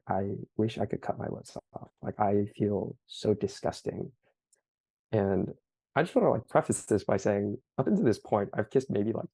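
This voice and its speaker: A young man giving halting, emotional personal testimony as an interview guest, full of fillers. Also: fairly low pitch, vocal fry, mellow, slightly rough, dry recording.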